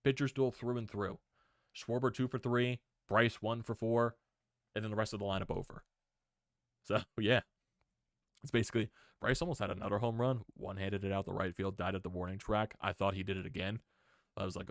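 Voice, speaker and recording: A man hosting a casual sports recap stream, excitable and given to repeated exclamations. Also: lowish voice, a little fast, long pauses, no echo, clean studio sound.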